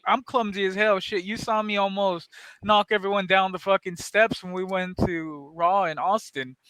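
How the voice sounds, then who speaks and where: A man's voice: sits high, fairly even intonation, normal speed, fairly bright tone, clear, resonant tone, no room sound. A man hosting a podcast, telling loose, profane stories in casual chat. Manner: loose, profane storytelling with laughs. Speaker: podcast host.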